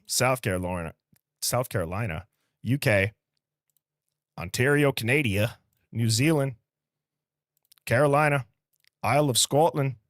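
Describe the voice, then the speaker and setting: A man's voice: medium pitch, no room sound, clean studio sound. A man with a Midwestern accent hosting a livestream, casually greeting viewers and reading comments in an upbeat, chatty way. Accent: American Midwest. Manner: upbeat, chatty, quick shout-outs with light laughs. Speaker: livestream host.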